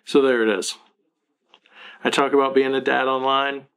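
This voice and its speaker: A man's voice: mid-range voice, flat delivery, moderate pace, a bit bright, clear, resonant tone. A man in his thirties, a parenting blogger, talking earnestly and self-critically to camera in a confessional vlog.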